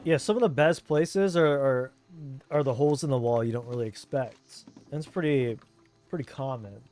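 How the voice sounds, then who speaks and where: A man's voice: medium pitch, moderate pace, darkish tone, faint music behind. A man from Southern California with a Southern Californian accent, streaming a game and chatting casually in a rambling, laid-back way. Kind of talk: casual chat while gaming.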